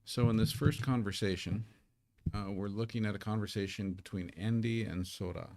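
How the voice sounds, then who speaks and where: Deep gravelly man teaching. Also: fairly even intonation, darkish tone, dry recording. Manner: patient explaining, sounds out syllables slowly. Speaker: Korean language teacher. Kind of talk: live online lesson.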